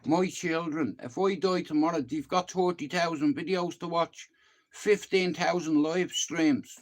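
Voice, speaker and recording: A man's voice: on the high side, unhurried. An Irish man in his fifties, chatting on a livestream in a rambling way, often repeating himself and swearing casually. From Ireland. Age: 50s. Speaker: YouTube livestreamer.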